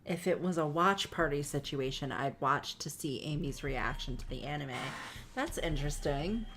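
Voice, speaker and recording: A woman co-hosting a game livestream, chatting casually and reading viewer comments aloud in a relaxed way. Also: low-pitched, normal speed, a little hiss or hum. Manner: relaxed, laughs often.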